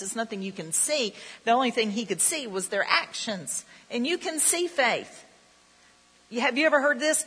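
Female preacher, bright and breathy, conversational sermon in a reverberant hall. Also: fairly high pitch, lively intonation, moderate pace. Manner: conversational, repeats herself, asks the audience questions.

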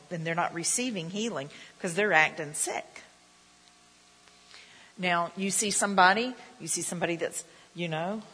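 A woman's voice: on the low side, sharp tone, breathy edge. A woman preaching a sermon in a chatty way, often asking the listeners questions. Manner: conversational, repeats herself, asks the audience questions. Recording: long reverb of a hall.

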